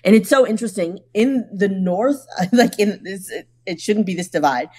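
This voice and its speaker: A woman's voice: mid-range voice, lively intonation, moderate pace, dark tone, slightly rough. A young woman comedian chatting as a podcast guest, telling stories wryly with laughs and quoted voices. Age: young adult. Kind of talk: casual podcast chat.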